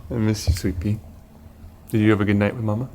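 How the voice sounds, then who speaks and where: A man's voice: on the low side, little pitch movement, fast talker, mellow, a little hiss or hum. A young man vlogging casually from a capsule hotel, often dropping to a whisper. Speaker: travel vlogger. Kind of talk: casual vlog narration.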